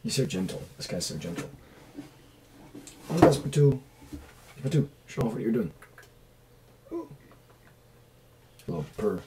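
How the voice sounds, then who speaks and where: A man's voice: lowish voice, sing-song, a little slow, pauses often, noisy background. A man rambles through a casual home vlog with lots of rise and fall in his voice, enthusiastic one moment and muttering to himself the next. He's recorded in a small room on a camera mic. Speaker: vlogger.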